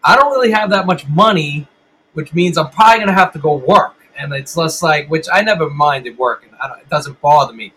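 A man's voice: on the high side, expressive, fairly quick, sharp tone, a little hiss or hum, poor audio. A middle-aged man and band musician, telling stories in a casual interview with lots of swearing and rambling restarts.

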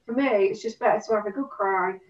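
A middle-aged woman telling stories in a casual chat, animated, acting out what people said. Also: medium pitch, quick pace. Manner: animated storyteller, acts out quotes. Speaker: guest. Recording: distant, roomy, dull sound.

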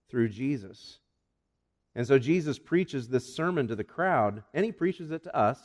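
A man preaching a sermon as pastor to his congregation, conversational and animated, asking them questions. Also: mid-range voice, big-room sound. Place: church sanctuary.

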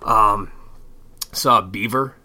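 A man's voice: lowish voice, slow, pushed and bright. Laid-back swearing man rambling casually. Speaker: vlog host.

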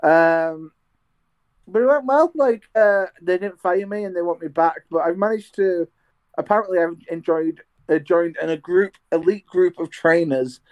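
A young man chats casually on a video call about his radio presenter training, rambling and restarting as he goes. His voice sits high and moves at a normal speed, and he's speaking from a bedroom that's only half decorated.

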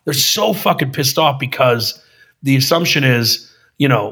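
A man with a husky, slightly rough voice talks in a loose, casual podcast chat. He swears often and keeps tossing in dude and brother as he speaks. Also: mid-range voice, normal speed, fairly bright tone. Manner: profane, calls listener dude and brother. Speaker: filmmaker guest.

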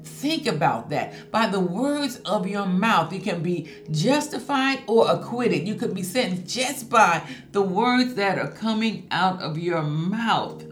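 A woman's voice: medium pitch, expressive, measured pace, hardly any pauses. A woman preaching a sermon, reading scripture and saying hallelujah often. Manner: emphatic preaching, reads scripture, frequent hallelujahs. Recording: echoey room with faint music. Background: faint music.

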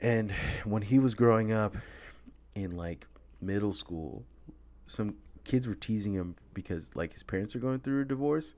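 A man's voice: on the low side, normal speed, darkish tone. A young man hosting a podcast, telling rambling stories in casual chat, laughing often and swearing freely. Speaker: podcast host.

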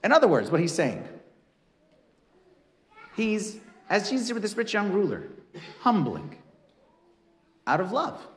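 A man, a priest, giving a lively, conversational sermon with casual asides in a church. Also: high-pitched, unhurried, long pauses, long reverb tail, slight background noise.

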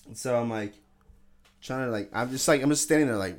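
A man's voice: medium pitch, fast talker. A young man casually telling a crude story to friends on a podcast, swearing often and laughing as he goes. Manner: animated, swearing, laughing through stories. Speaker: podcast co-host.

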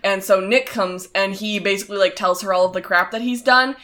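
A woman co-hosting a podcast, casually recapping a show's plot in a quick, chatty way. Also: medium pitch. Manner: quick, chatty plot summary with flat quoted lines. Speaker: podcast co-host.

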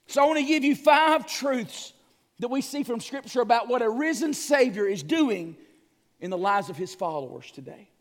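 A male pastor with a strikingly high voice delivers an Easter sermon with fervent, impassioned energy. He climbs to near-shouts, then sinks to hushed lines. A long reverb from a large hall trails behind every phrase. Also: lively intonation, normal speed.

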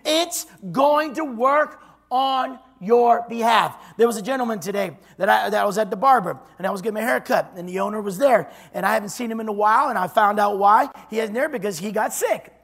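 Husky high-voiced preaching pastor. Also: male voice, quick pace, few pauses. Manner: storytelling preacher, swinging from loud to hushed. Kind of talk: sermon.

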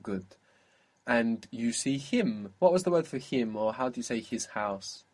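A man's voice: mid-range voice, animated, unhurried, a little mellow. A man teaching an Arabic lesson, patiently quizzing a student and modelling how words are pronounced. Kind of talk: spoken language lesson.

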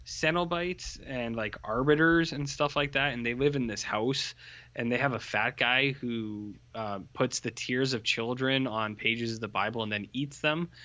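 A man's voice: mid-range voice, normal speed, pushed and bright. Rambling sardonic man, dull lo-fi sound. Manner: rambling, filler-heavy, sardonic. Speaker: podcast co-host. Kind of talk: casual chat.

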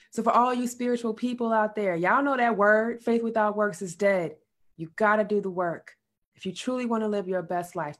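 A woman guest on a podcast, talking earnestly about faith and personal work, with casual slang. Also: lowish voice. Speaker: podcast guest, sexual health coach. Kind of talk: casual spiritual chat.

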